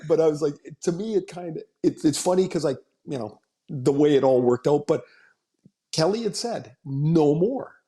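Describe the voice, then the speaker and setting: A man's voice: a little high, creaky, darkish tone. A middle-aged man, a former hockey player, telling rambling anecdotes on a podcast in a casual way. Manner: rambling anecdotes with restarts, laughing. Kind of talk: casual storytelling.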